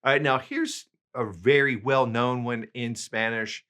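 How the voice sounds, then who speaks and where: A man teaching a language lesson, reading out examples slowly and carefully and then translating them. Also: mid-range voice, steady tone, pushed and bright. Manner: slow, careful enunciation of examples. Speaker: language tutor.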